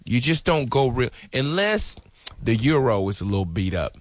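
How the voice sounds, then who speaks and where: A man co-hosting a casual talk show, playful and quick with quips. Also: mid-range voice, sing-song, no room sound, clean studio sound. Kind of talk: casual banter.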